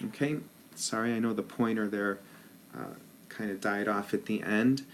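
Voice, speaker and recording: A man's voice: lowish voice, fairly even intonation, normal speed, creaky, soft background music. A man teaching a rhythm lesson as a band director, patiently counting rhythms aloud in ta syllables.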